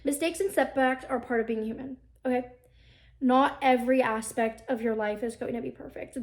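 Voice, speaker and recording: A young woman hosting an advice podcast, talking casually and earnestly, with lots of fillers. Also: sits high.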